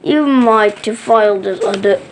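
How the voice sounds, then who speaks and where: A woman's voice: mid-range voice, unhurried, a little hiss or hum, close to an everyday voice. A woman voicing an inventive young boy hero in a storybook read-aloud, plain in manner.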